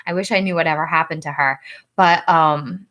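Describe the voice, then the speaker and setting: A woman telling a personal story to camera, animated and acting out the dialogue she quotes. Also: moderate pace. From Rhode Island. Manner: animated, acts out quoted dialogue with rising pitch. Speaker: psychic reader and channel host.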